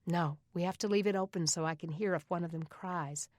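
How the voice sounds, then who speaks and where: A woman voicing a calm, caring older teenage girl who talks gently and reassuringly. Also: lowish voice, brisk, no echo, close to an everyday voice. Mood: gentle.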